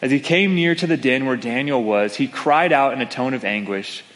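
Storytelling pastor in a reverberant hall. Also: male voice, mid-range voice, moderate pace, a bit bright. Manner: conversational storytelling with acted-out quotes. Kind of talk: sermon.

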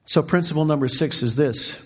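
Middle-aged guy preaching, voice a bit on the high side, goes quiet then gets all fervent. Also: moderate pace, breathy edge. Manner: preaching with emotional swings, rising to fervent cries. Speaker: pastor. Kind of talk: sermon.

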